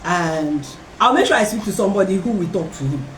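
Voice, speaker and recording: A woman hosting a talk, telling a personal story in a lively way and acting out the voices of other people. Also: medium pitch, a little fast, soft background music. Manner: animated, acts out voices in her story, laughs often. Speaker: host. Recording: roomy and distant from the mic.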